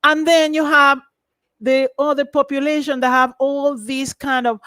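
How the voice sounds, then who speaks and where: A woman lecturing in an online academic webinar, lively and emphatic, over a video call. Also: sits high, measured pace, no echo.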